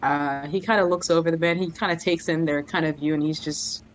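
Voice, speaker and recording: A woman's voice: low-pitched, steady tone, fairly quick. A woman casually describing her character's actions in a tabletop game, hedging with "kind of" as she talks. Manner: casual and hesitant, full of "kind of". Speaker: player.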